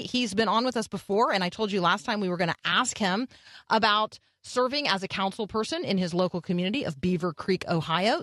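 A woman hosting a morning radio show, speaking in an earnest, reflective way with filler pauses. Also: mid-range voice, fairly bright tone, dry recording, studio quality. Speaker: radio host. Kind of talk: devotional radio talk.

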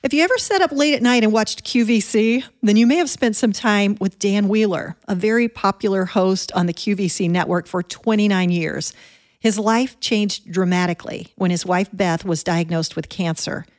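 A woman host asking gentle questions and reading a program introduction. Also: medium pitch, moderate pace, no echo, studio quality.

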